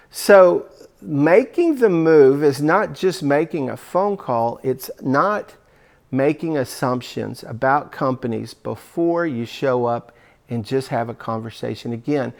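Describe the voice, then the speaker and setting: Gravelly-voiced man coaching job seekers. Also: mid-range voice, darkish tone. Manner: conversational, acts out sample phone calls. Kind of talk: coaching talk.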